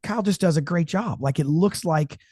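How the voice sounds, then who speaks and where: A man with a fairly high, mellow voice hosts a podcast about fatherhood. He talks with lively enthusiasm and now and then drops into a smooth radio announcer delivery. The sound is close and dry. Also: fairly quick, dry recording. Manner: energetic, enthusiastic, slips into a radio voice for ads. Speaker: podcast host. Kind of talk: casual podcast chat with ad read.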